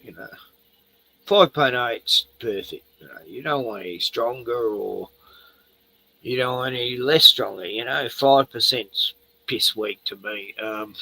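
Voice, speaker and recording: Older man, Australian accent, tipsy, rambling livestream chat, slow talker, gravelly. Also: medium pitch, sharp tone, rough recording. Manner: rambling, swears freely, chats to viewers. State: tipsy from beer. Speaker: livestream host.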